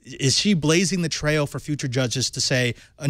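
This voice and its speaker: A man hosting a tech panel show, putting questions to his guests with animated delivery and reading the sponsor segment. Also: a little high, moderate pace, no room sound. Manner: animated, rising and falling questions. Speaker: host.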